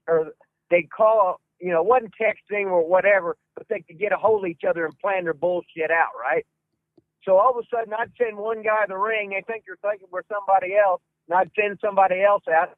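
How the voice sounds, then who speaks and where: An older man rants and curses his way through wrestling stories, his voice fairly high for a man. The sound is thin and phone-like. It is also dry, with no room echo. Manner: ranting, heavy cursing, gruff Southern drawl. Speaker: wrestling trainer, guest. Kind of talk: profane storytelling interview.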